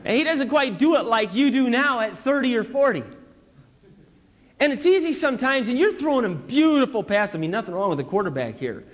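A man preaching a sermon, telling stories in an animated way that swings from loud to hushed. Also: very high voice, fairly quick. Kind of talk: sermon on parenting. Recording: dull lo-fi recording with long hall reverb.

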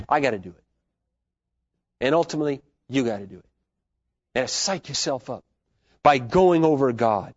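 A man preaching a sermon as pastor, swinging between loud, fervent declarations and soft, hushed asides. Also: medium pitch, moderate pace, pauses often, dry recording. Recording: dull, lo-fi sermon recording.

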